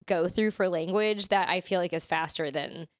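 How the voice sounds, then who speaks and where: A woman guest on a podcast talks in a loose, rambling way, stacking up "like" fillers and restarting her sentences. Her voice sits a bit low for a woman and sounds close and dry on the mic. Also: moderate pace, no room sound. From California. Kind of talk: casual podcast chat.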